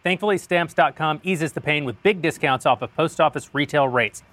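A man's voice: on the high side, normal speed, a bit bright. Wry, joking male show host. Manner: wry, self-mocking, laughs often. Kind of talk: joking roundtable chat with ad read.

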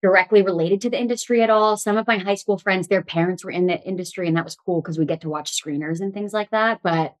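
Guest actress, thirties, Californian accent, animated and laughy. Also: female voice, mid-range voice, quick pace, hardly any pauses. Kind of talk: casual interview chat.

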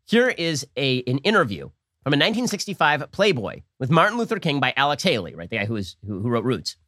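In a clean studio recording with no room sound, a man with a mid-range, sing-song, slightly bright voice delivers a rapid-fire political commentary monologue. As host, he is sarcastic and mocking throughout.

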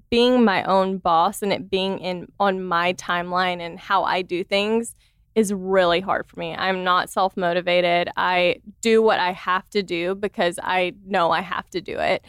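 A woman's voice: on the low side, fairly even intonation, measured pace, a bit bright, clean tone, no echo. Chatty woman guest, dry close mic. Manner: chatty, laughs often, acts out quoted voices. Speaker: podcast guest. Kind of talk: casual interview chat.

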